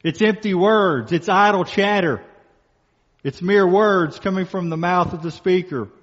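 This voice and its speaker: A pastor with a slightly high, fairly bright voice preaches a sermon in what sounds like a church hall. He's emphatic, slowing down on key phrases and repeating them for weight. The sound is a little muffled, with a long reverb trailing each phrase.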